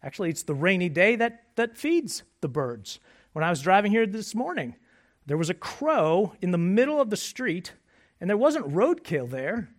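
Lively, high-voiced man preaching a sermon. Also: moderate pace. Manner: animated preaching with jokes, dropping to soft hushed phrases. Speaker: pastor.

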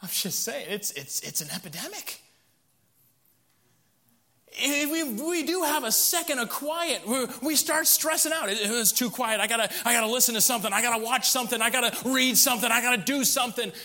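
A man preaching a sermon in a lively, chuckling way, often repeating words as he restarts. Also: very high voice, brisk. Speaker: pastor.

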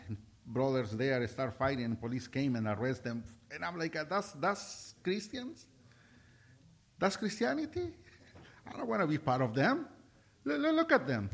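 A man from Mexico with a medium-pitched voice preaches an impassioned, halting sermon full of restarts, his volume swinging between loud and soft.

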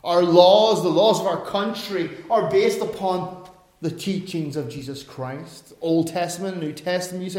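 Male pastor, middle-aged, preaching, somewhat high voice, roomy echo, emphatic with side remarks. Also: unhurried, a little mellow. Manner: emphatic preaching with asides and self-corrections. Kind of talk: sermon. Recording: echoey room.

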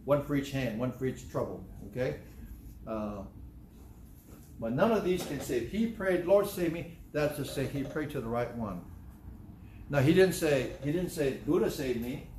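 A man's voice: medium pitch, animated, unhurried, darkish tone, slight background noise. A male pastor preaching a sermon, repeating phrases for emphasis and acting out quoted voices. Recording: echoey room, faint ambience.

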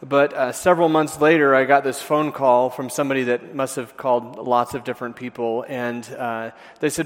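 A man preaches in a mid-range voice. He speaks haltingly, with frequent filler words and restarts. His voice carries a long reverb from a church sanctuary. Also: medium pitch, steady tone. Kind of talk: sermon with personal story.

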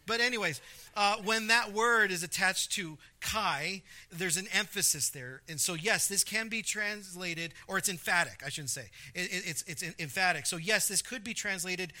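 Male pastor, sermon, high voice, very bright tone, conversational, emphatic scripture reading. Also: moderate pace. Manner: conversational preaching, reads scripture with emphasis, frequent restarts.

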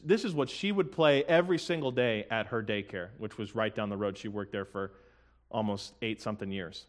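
A man preaching a sermon in an earnest, conversational way, with joking asides and slowly sung hymn lines. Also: medium pitch. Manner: sings hymn lyrics slowly. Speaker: pastor.

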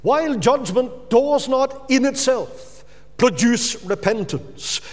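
High-voiced man preaching slowly in reverb. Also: animated. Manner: earnest, pleading preaching. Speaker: pastor. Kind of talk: sermon.

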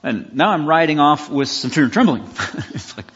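Guy preaching on a podcast, husky voice, bounces up and down a lot, chatty and emphatic, dull echoey sound. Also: on the high side, animated, normal speed, a bit bright. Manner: conversational, emphatic, with self-questioning asides. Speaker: pastor and podcast host. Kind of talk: expository Bible teaching. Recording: dull lo-fi sound with long reverb.

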